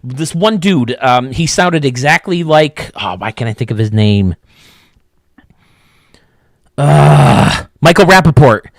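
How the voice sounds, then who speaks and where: A man hosting a video game stadium show, chatting casually and excitably, with lots of restarts. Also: fairly high pitch, slow pace, gravelly, long pauses, dry recording, clean studio sound. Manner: rambling, excitable, many restarts. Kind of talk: casual chat.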